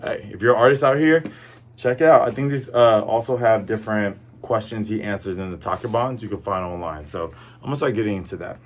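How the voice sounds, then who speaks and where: A young man hosting a manga review, casually recapping a chapter and acting out the characters' lines in quick, playful voices. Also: fairly low pitch.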